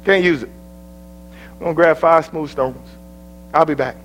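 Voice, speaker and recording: Brash young shepherd hero, American, voiced by a preacher, loud and cocky. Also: male voice, fairly high pitch, moderate pace, lo-fi sound, soft background music, lightly acted. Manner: loud, brash, excited trash talk. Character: young shepherd David, bold and fired up.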